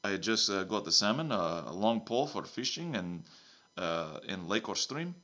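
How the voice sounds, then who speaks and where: A man playing a clumsy secret agent who rambles through his mission in one broad fake accent after another. The voice sits low but bright and forceful. The audio is dull and lo-fi. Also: lively intonation, moderate pace. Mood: hammy. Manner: rambling, hammy, swapping between broad put-on accents. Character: bumbling male secret agent switching accents.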